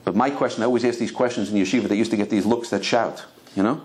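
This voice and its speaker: A man's voice: fairly low pitch, fast, a little mellow, a little hiss or hum. A male rabbi giving a Torah lecture, telling anecdotes and often restarting his words. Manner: storytelling with many anecdotes; frequent repeated restarts.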